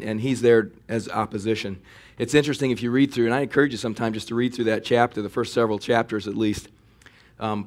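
A man delivers a sermon in an easy, conversational voice at a middle pitch. He talks to the congregation like he's chatting with them, leaning into points with extra emphasis. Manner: conversational preaching, animated when mocking enemy taunts. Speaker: pastor.

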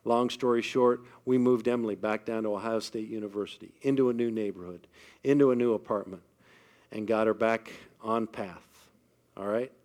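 A middle-aged man preaching a sermon, telling personal stories and moving between hushed, quiet passages and loud, emphatic ones. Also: on the low side, fairly even intonation, moderate pace. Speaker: pastor.

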